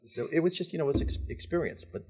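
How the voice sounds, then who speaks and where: A middle-aged man telling stories as a podcast guest, animated and laughing, acting out quoted dialogue. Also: a little high, quick pace, husky. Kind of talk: casual storytelling.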